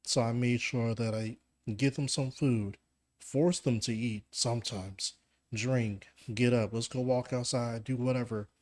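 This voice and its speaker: A podcast guest, a man with a fairly low voice, tells a personal story. He speaks plainly and earnestly. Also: steady tone, a little slow, a little mellow.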